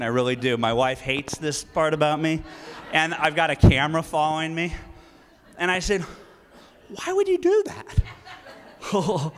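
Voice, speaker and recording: A man giving a live speech at a political rally, telling a story in an emphatic, animated way. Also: a little high. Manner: animated, emphatic, breaks into laughter, acts out quoted lines. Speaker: guest speaker at a political rally. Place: large event hall. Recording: reverberant hall with faint noise.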